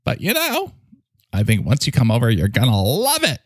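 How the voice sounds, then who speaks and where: A man voicing an overly cheerful man coaxing a friend to come over, in a high, sing-song, wheedling way. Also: huge pitch swings, normal speed, breathy edge, no echo, studio quality.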